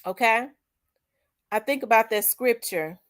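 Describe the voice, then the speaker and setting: A woman's voice: fairly high pitch, lively intonation, measured pace, fairly bright tone. A woman hosting her own channel, talking in an emotional, preaching style. She repeats her lines for emphasis, quotes scripture and uses casual, colloquial speech. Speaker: channel host.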